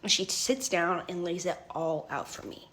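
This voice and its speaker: A woman's voice: fairly low pitch, expressive, moderate pace, a bit bright. A woman in her twenties telling a dramatic story in a chatty vlog, often tagging her lines with "right?" and "okay?". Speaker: vlogger.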